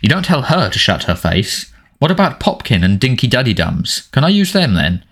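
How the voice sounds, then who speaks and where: A man's voice: medium pitch, sing-song, normal speed, a bit bright, slightly rough, full character voice. A man doing a mocking teenage boy. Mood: taunting. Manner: mocking, sardonic. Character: sarcastic teenage boy, defiant and needling.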